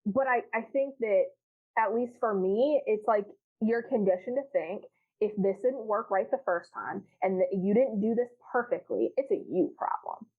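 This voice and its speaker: A woman's voice: medium pitch, normal speed. Frank, swearing woman on a phone line. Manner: frank, profane, laughs often, acts out her past self. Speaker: podcast guest. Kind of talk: candid casual chat.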